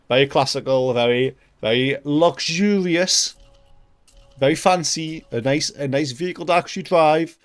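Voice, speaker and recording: Ranting young streamer. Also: male voice, a little high. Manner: jokey, ranting, reacts to chat, swears casually. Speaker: livestreamer. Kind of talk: casual gaming livestream chat.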